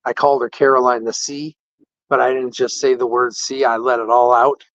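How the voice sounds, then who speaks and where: A man casually telling an animated, indignant story about a care-facility visit, quoting the people involved. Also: medium pitch, moderate pace, dry recording. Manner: animated, indignant retelling with quoted dialogue. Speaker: podcast host. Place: patient room in a care facility. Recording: dull, dry lo-fi audio.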